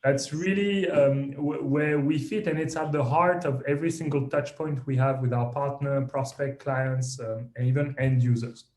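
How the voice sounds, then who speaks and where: A man from France with a French accent, talking as a company founder in a podcast interview, lively and self-deprecating with frequent restarts. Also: mid-range voice, normal speed, few pauses, reverberant.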